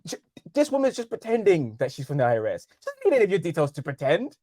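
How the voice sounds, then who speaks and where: Podcast co-host, man in his 30s, sardonic, very lively pitch, dry close mic. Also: fast, no echo. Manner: sardonic, emphatic, incredulous rants. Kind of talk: casual chat.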